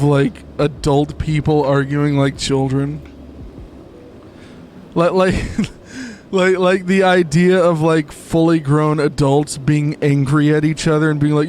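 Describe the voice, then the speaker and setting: A man's voice: on the high side, darkish tone, slight background noise. A young man live-streaming a game, chatting in a rambling, jokey way. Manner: rambling, jokey, trails into silly voices. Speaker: gaming streamer. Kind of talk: casual live-stream chat while gaming.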